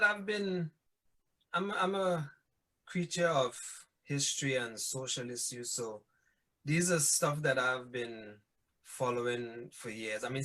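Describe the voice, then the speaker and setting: Reflective man, mid-pitched. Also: bright, forceful tone. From Caribbean. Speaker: musician and songwriter. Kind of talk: interview answers.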